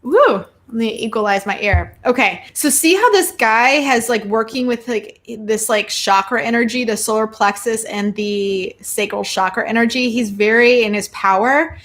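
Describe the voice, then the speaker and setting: A bubbly woman hosts a live tarot reading, talking straight to her viewers. Her voice sits a bit high, and she breaks into excited exclamations between casual, rambling asides. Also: normal speed, hardly any pauses. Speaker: astrology and tarot show host.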